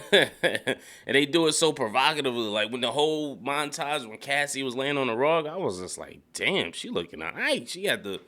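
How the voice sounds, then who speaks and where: Animated man recapping a TV episode. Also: normal speed. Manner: animated, profane, laughs often, mimics characters in high voice. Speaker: TV recap reviewer. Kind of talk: casual spoken show recap. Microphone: studio dynamic mic.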